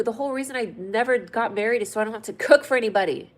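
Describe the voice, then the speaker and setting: A woman's voice: fairly high pitch, rapid-fire, rough recording. A woman from California hosting a comedy livestream, chatting with viewers in a playful, joking way. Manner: playful, jokey, lively and loud at times. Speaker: livestream host. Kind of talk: casual livestream chat reading comments.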